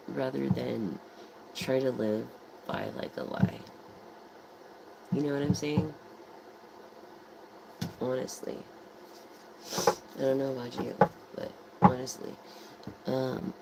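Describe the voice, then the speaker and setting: Casual live tarot reader with a gravelly, fry-heavy voice and an unhurried delivery. Rambles freely and swears now and then. Faint noise sits behind the voice. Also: mid-range voice. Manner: rambling, meandering with frequent fillers and casual swearing.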